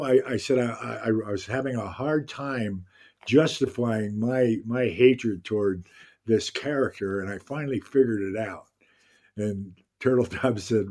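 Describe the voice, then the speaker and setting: Older male guest, chatty storyteller, mid-pitched voice, acts out quotes. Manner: animated anecdote-telling, acts out quotes, frequent laughter. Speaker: guest actor. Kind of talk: casual interview storytelling.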